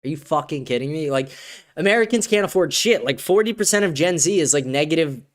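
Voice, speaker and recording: A man hosts a podcast in loose, casual chat with a fairly high-pitched voice. He is excitable and profane and laughs often as he answers viewer comments. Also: fast talker. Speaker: podcast host.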